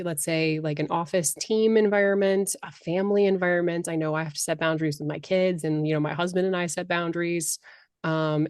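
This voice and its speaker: A woman's voice: lowish voice, dry recording, studio quality. Passionate woman coaching on a podcast. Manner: passionate, animated, acts out voices. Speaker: guest life coach. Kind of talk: podcast interview.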